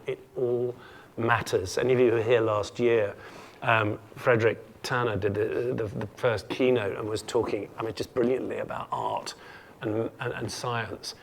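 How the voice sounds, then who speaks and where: A man's voice: mid-range voice, steady tone, moderate pace, vocal fry, slight background noise. A man giving a humorous keynote lecture to an audience, playful and jokey, often stumbling and restarting his sentences. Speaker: keynote speaker.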